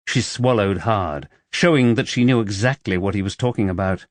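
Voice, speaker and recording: A man narrating a romance novel as an audiobook in expressive, measured storytelling, close to a studio microphone. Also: on the low side, dry recording.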